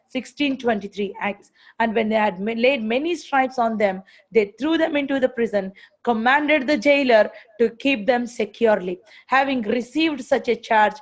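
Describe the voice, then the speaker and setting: Woman preacher, fairly high voice, emphatic sermon delivery, full of repeated phrases and rhetorical questions; dull lo-fi sound.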